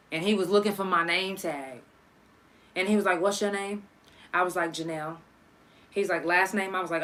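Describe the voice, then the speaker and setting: A young woman hosting a podcast, telling a personal story in casual, profane, animated talk and acting out the people she quotes. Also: lowish voice.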